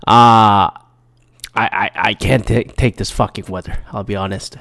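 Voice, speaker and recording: A man's voice: fairly low pitch, a little slow, creaky, a bit bright. A young man from Michigan hosting his own podcast, ranting casually with lots of swearing and stumbling restarts. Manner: profane, rambling, restarts often. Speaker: podcast host. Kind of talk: casual solo podcast rant.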